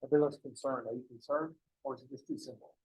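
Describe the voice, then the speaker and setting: A man's voice: medium pitch, steady tone, rapid-fire, darkish tone, breathy edge, poor audio. A man teaching a math class, lecturing casually and going off on joking, rambling asides to his students in a classroom. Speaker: math professor.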